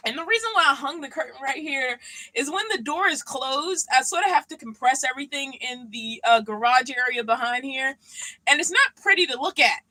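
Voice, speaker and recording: A woman with a somewhat high voice chats casually and unscripted, sounding mentally worn out but easygoing. The sound is dry and close, with no room echo. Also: lively intonation, normal speed, sharp tone. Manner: easygoing, chatty, loose and unscripted. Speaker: vanlife vlogger hosting a livestream. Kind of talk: casual livestream chat. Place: inside a box truck she lives in. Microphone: streaming mic, at times leaning away from it.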